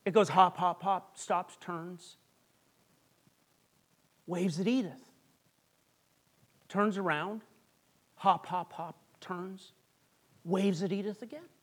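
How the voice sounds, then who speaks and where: A man preaching a sermon, telling a long joke story with dramatic pauses that drop to a hush. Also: sits high, fairly even intonation. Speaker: pastor.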